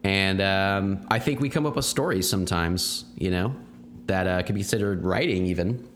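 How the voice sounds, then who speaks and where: A man's voice: sits low, moderate pace, fairly bright tone, a little hiss or hum. A man co-hosting a podcast in casual chat, rambling with fillers and laughing often. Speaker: podcast co-host.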